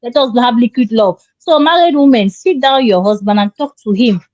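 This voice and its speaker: Woman, co-host type, preachy and emphatic, slightly high voice, dull lo-fi dry sound. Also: normal speed, darkish tone, dry recording. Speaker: relationship show co-host. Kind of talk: opinionated advice talk.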